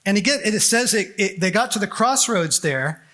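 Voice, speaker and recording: A man giving a storytelling sermon at a conference, animated and joking as he acts out the scenes. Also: high voice, normal speed. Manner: animated and joking, acting out quotes. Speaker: conference speaker.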